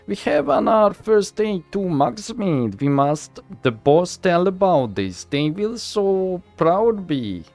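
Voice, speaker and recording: A man's voice: high-pitched, very animated, slow pace, hardly any pauses, darkish tone, faint music behind, pitched above the performer's own voice, heavily acted. A man voicing a pair of pompous goblin gang thugs who speak in broken, jumbled word order. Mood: proud.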